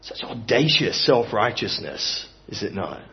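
A man preaching a sermon in an earnest, expressive way, moving from emphatic to hushed. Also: lowish voice, unhurried, breathy edge, lo-fi sound.

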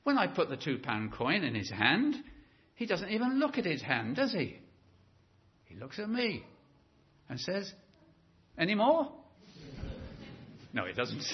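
A man preaching a sermon in a church, animated and stretching key words for emphasis. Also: medium pitch, lo-fi sound.

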